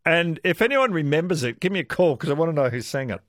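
A man with an Australian accent hosting a talkback radio show, chatty and quick to laugh. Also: fairly high pitch, no room sound, clean studio sound. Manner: chatty, laughs easily, lively. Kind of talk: casual talkback radio chat.

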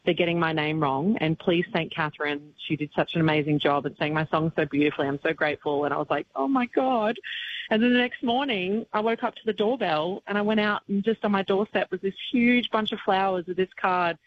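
A woman's voice: lowish voice, fast, few pauses. Woman guest, country singer, rambly and emotional, lo-fi radio line with light hiss. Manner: tearful but laughing, rambling with fillers. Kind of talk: emotional phone-in radio interview. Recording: dull lo-fi radio line with faint noise.

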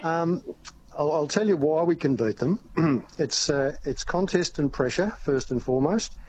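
Jovial Australian man calling talkback radio, higher-pitched, faint noise behind. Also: animated, measured pace, a little mellow, poor audio. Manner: jovial, confident. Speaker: caller. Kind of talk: talkback phone call.

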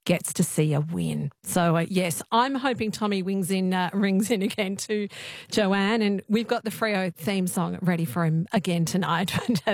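A woman's voice: medium pitch, no echo. A woman hosting late-night talkback radio from a studio, chatty and loose with fillers. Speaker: radio host. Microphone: studio microphone.

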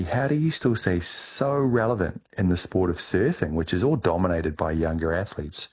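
A middle-aged man answering interview questions, telling his story in a relaxed way with some restarts. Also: sits low, normal speed, hardly any pauses, slightly rough. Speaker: guest, ice diver.

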